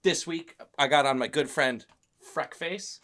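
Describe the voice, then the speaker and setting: A man's voice: a little high, measured pace, a bit bright. A man hosting a casual chat, easygoing, laughing, and asking short follow-up questions. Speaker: host.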